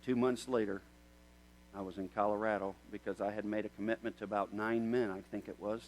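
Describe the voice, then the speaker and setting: A man preaching a sermon. He tells a story in a conversational way, then builds to loud, emphatic questions. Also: lowish voice, fairly even intonation, a little fast, faint music behind, low-quality recording. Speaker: pastor.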